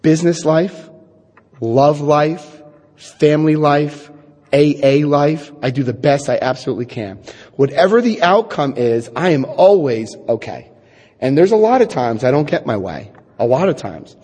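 A husky-voiced man in his forties tells his recovery story to a meeting, slightly high for a man and swinging up and down as he acts out the conversations. His voice rings with a long reverb from a hall. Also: measured pace. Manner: animated storytelling, acts out quoted dialogue. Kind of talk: personal recovery talk.

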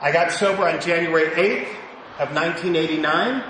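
A man in his sixties sharing his personal story with a live audience at a recovery meeting, animated and swinging between loud and hushed. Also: a little high, moderate pace, noisy background. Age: 60s. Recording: echoey hall recording.

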